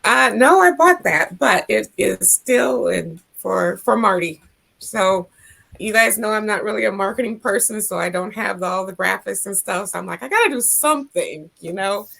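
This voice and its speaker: A woman's voice: medium pitch, moderate pace, creaky, fairly bright tone. A woman on a live video call giving a sincere, emotional birthday tribute. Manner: sincere, emotional, with fillers and restarts.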